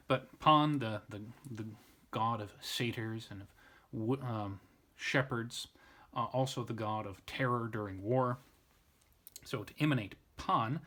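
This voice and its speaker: A man's voice: on the low side, a bit bright. A man giving an informal Latin grammar lesson, thinking aloud, often restarting and correcting himself. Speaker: Latin tutor.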